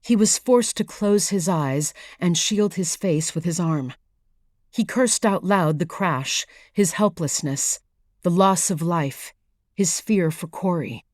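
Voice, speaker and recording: A woman narrates a thriller audiobook, her low voice deliberate as she lingers on every line. The telling is measured and even, recorded close to the mic and completely dry, with no room sound and no echo.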